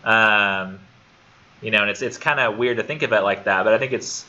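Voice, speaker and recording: A man's voice: lowish voice, moderate pace, bright, forceful tone. A man teaching a college literature class, talking casually and thinking aloud, often repeating words as he goes. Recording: dull lo-fi classroom recording with faint noise.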